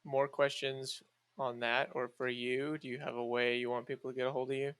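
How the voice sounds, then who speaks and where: A man co-hosting a podcast in casual chat, quick and bantering. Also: medium pitch, flat delivery, a bit bright, clean tone, no echo. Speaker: podcast co-host.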